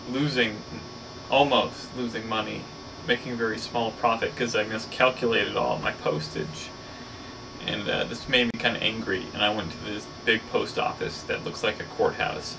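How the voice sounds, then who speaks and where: A man's voice: mid-range voice, creaky, noisy background. A man hosting his own show, telling a story casually, rambling with lots of fillers. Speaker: show host. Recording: slightly distant mic, faint ambience.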